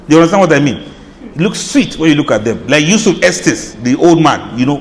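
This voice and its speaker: A man giving an informal religious lecture, chatty and often laughing, playing out reactions with soft drawn-out sighs. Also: a little high, lively intonation, big-room sound, slight background noise. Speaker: Islamic lecturer. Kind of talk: informal sermon.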